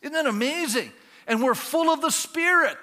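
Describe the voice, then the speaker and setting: A man's voice: very high voice, lively intonation, moderate pace, sharp tone, in a large hall. A man preaching a conversational sermon as a pastor, often asking his congregation questions. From Canada.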